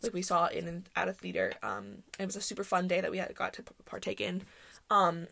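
A young woman hosts a podcast solo, chatting casually with a fairly low, bright-ish voice that's very animated, fairly quick, and marked by vocal fry. She rambles, uses many fillers, interrupts herself, and laughs often as she talks.

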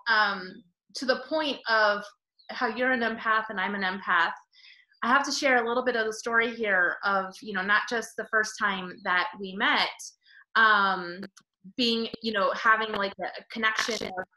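A woman's voice: fairly high pitch, normal speed, sharp tone, reverberant. A woman hosting a podcast interview over a video call, gushing and emotional, rambling with many restarts. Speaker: podcast host.

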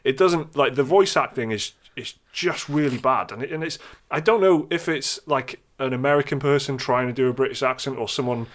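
A man in a casual podcast chat giving blunt opinions at a middling pitch for a man. He trips over his words and repeats them as he works toward his point. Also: a little fast, a bit bright. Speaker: podcast co-host.

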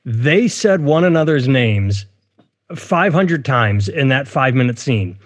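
A man's voice: medium pitch, lively intonation, measured pace. A man in his thirties co-hosting a podcast in casual chat, blunt and opinionated. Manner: blunt, opinionated, mimics others in silly voices. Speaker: podcast co-host.

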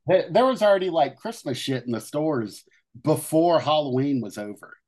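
Lively, laid-back man who laughs often. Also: a little high, moderate pace. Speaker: podcast co-host. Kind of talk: casual comedic podcast chat.

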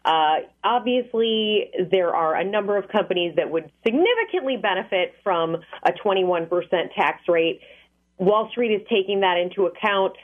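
A woman giving a live radio market report, clear and explanatory. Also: mid-range voice, animated, normal speed. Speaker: financial correspondent. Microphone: phone line. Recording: tinny phone line.

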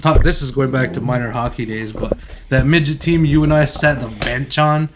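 A man's voice: mid-range voice, fairly even intonation, moderate pace, background noise. Profane man telling a story. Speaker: podcast co-host. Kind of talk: casual storytelling chat.

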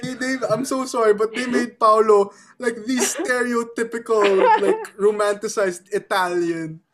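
A woman in casual chat, lively and giggly, often apologizing and acting out lines. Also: on the high side, unhurried, noisy background.

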